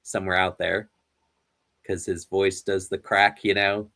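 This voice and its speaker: Slow, laughing male host. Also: low voice, flat delivery, sharp tone. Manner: rambling, laughs often between stories. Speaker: interview host. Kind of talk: casual chat.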